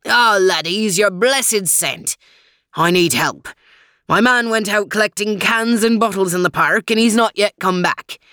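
A woman's voice: medium pitch, measured pace, sharp tone, no room sound. Brief: woman voicing a Scottish male dog, earnest and worried, storybook reading, dry sound. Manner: homely dialect, earnest pleading. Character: Scottish-talking male dog, anxious and loyal.

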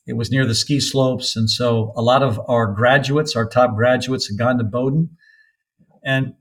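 An older man from North Carolina, a soccer coach guest on a podcast, telling long anecdotes with frequent pauses. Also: mid-range voice, fairly even intonation, rough recording. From North Carolina, USA. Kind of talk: podcast interview storytelling.

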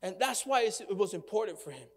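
A man's voice: sits high, big pitch swings, fast talker, husky, long reverb tail. A man preaching a sermon in a conversational way, asking the congregation questions and reading from scripture. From United States. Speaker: pastor.

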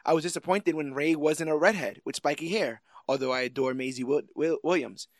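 A man co-hosting a podcast, chatting casually about a movie, animated and laughing as he acts out scenes. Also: fairly high pitch, a little fast, dry recording, studio quality. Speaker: podcast co-host. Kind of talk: casual movie review chat.

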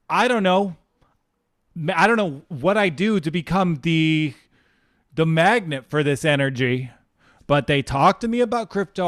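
Male podcast co-host, high, clean voice, dry close mic; exasperated comedic ranter. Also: a bit bright, no echo. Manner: emphatic, exasperated, profane. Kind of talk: comedic ranting podcast chat.

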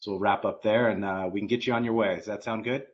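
A man's voice: fairly low pitch, steady tone, quick pace, lo-fi sound, slight background noise. A man hosting a casual interview, steering the guest with upbeat questions. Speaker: interview host.

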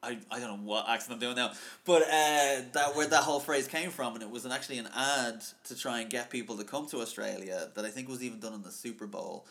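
A man's voice: medium pitch, fast, few pauses, fairly bright tone. A man hosting a podcast, chatting casually with rambling asides, frequent fillers and offhand swearing. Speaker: podcast host.

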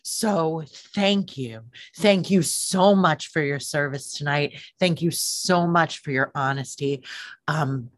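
Woman, gentle grateful share, video call, dry close sound. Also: low-pitched, slow pace, dry recording. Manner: warm-hearted, grateful, gentle. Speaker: meeting member sharing. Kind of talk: supportive personal share.

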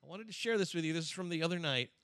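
A male podcast host with a bright, lively voice tells a story in casual chat. His pitch swings widely, and the studio sound is close and dry. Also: very fast, no echo. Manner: storytelling, animated.

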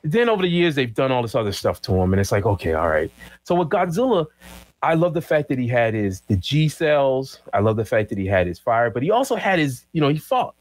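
A middle-aged man chatting as a podcast guest, telling stories with lively acted-out quotes and cries. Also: medium pitch, brisk, poor audio. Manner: animated storyteller who acts out quotes and monster cries. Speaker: guest comic artist. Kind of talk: casual podcast chat.

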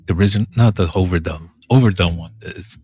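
A man's voice: deep voice, fast, dark tone, breathy edge. A man talking casually in a meandering monologue, breaking off and humming filler tunes. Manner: meandering, self-interrupting, hums filler tunes.

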